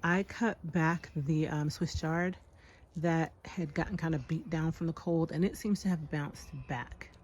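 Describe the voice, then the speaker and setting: A woman's voice: sits low, fairly even intonation, measured pace, darkish tone. A woman in her thirties walking through her backyard garden and talking to viewers in a chatty, sighing way, calling them y'all. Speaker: homestead vlogger. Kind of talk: casual garden vlog.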